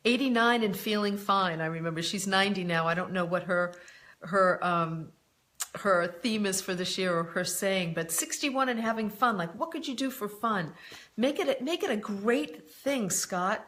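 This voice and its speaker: A woman's voice: lowish voice, normal speed, a bit bright. A woman coach answering viewer questions in a live online session, speaking candidly and directly, calling people by name, with frequent "um" and "you know". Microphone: live online broadcast.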